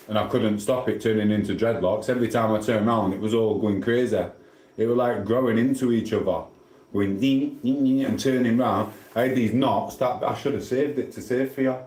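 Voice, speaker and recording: A middle-aged Englishman with a Sheffield accent rambles cheekily through his livestream chat, swearing casually as he answers viewers. His voice sits on the low side with a darkish tone, and the room sounds echoey.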